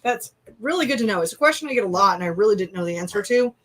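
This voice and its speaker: A woman's voice: mid-range voice, animated, racing. A woman with a Minnesota accent co-hosting a casual live chat, laughing often and reading out viewer comments. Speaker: co-host.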